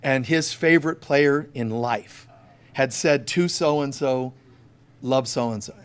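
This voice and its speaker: A man's voice: mid-range voice, slow, clean tone. A man preaching a conversational sermon as a spiritual teacher, emphatic and storytelling, talking straight to his listeners. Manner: emphatic, direct address to listeners.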